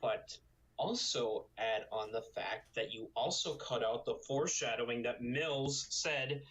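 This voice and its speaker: A man giving a casual critique who rambles and sounds mocking and easily excited. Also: medium pitch, a little slow, rough recording. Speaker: video critic.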